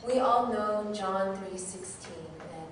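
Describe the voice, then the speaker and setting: A woman's voice: mid-range voice, slow pace, fairly bright tone. Woman, teacher, candid self-deprecating testimony, very echoey hall, faint room noise. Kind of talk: personal testimony sermon. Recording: very echoey hall, mic far off.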